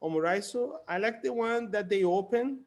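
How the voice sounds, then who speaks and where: A man's voice: high-pitched, moderate pace. A man teaching a casual English conversation class over a video call, chatty and laughing, repeating words so students can learn them.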